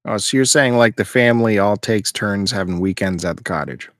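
Teasing podcast host man, low voice. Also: fairly quick. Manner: teasing, dry banter. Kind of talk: casual podcast chat.

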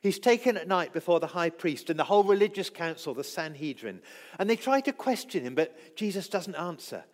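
High, lively man preaching in an echoing hall. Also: brisk. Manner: acts out quoted voices, swings loud and soft. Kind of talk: sermon. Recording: long echo of a church hall.

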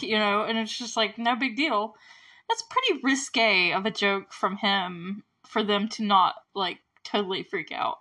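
A young woman talks through a movie scene by scene in a loose, casual way. She giggles often and leans on filler words as she goes. Her voice sits at an everyday middle pitch. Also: moderate pace, sharp tone. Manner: chatty, giggly, many "like" fillers. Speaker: movie review host.

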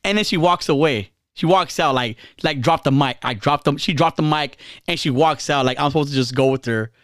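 A man's voice: a little fast, no room sound, studio quality. A man hosting a podcast, chatting casually and telling a story with lots of swearing, acting out the quotes. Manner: animated storytelling, acts out quotes with big pitch jumps. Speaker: podcast host.

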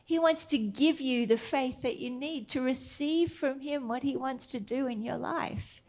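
A middle-aged woman preaching a sermon, tender and emphatic, slipping into soft whispered asides. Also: sits high, unhurried.

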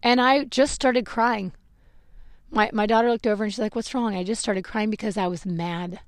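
A woman's voice: medium pitch, fairly even intonation, normal speed, dry recording. Middle-aged woman host, candid rambling storyteller, dry close sound. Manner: candid, rambling, self-reflective, with acted-out quotes. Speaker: podcast host. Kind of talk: personal storytelling monologue.

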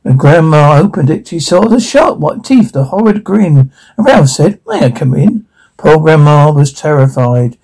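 A man's voice: fairly high pitch, moderate pace, hardly any pauses, low-quality recording. A man playfully reading a rhyming fairy tale aloud to children. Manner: playful, expressive. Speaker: storyteller.

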